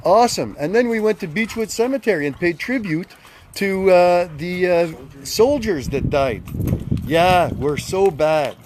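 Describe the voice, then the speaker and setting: A man's voice: high voice, lively intonation, normal speed, darkish tone. A man in his fifties, angry, giving a blunt and emphatic rant to his followers and repeating his key points. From Canada. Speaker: group leader addressing followers. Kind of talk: self-recorded social media rant.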